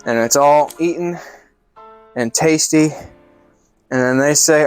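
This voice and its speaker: A man's voice: a little high, takes it slowly, long pauses, clean tone, soft background music. A man hosting a comedic cooking vlog, narrating in a playful, mock-grand showman way. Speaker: cooking show host.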